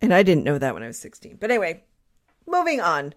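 A woman's voice: on the low side, wildly swooping pitch, fast talker. A woman in her forties, co-hosting a casual sports podcast, chatty with laughing asides. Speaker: podcast co-host. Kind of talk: casual chat.

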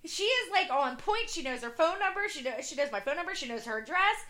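High, bright-voiced chatty woman. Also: sing-song, fast talker. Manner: rambling, leans on "like". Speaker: podcast co-host, mother. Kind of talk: casual storytelling chat.

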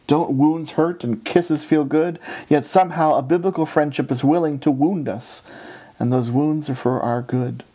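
A man preaching a sermon in an earnest, steady way, often pausing to quote scripture and other writers. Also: fairly high pitch, breathy edge.

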